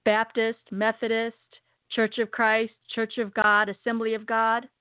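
A woman giving an emotional personal religious testimony in an earnest, repetitive way, slowing down to stress key words. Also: a little high, completely flat delivery, clear, resonant tone, no echo. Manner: earnest, repetitive, slows down for emphasis. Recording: dry tinny phone-like sound.

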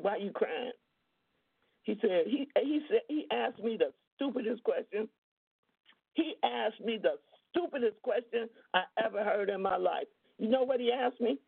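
A woman deliverance minister preaches a testimony in slow, drawn-out, emphatic phrases. Her voice sits fairly high with a gravelly edge. It comes through a tinny, phone-like line with a dry sound. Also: no echo. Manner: emphatic, drawling storytelling.

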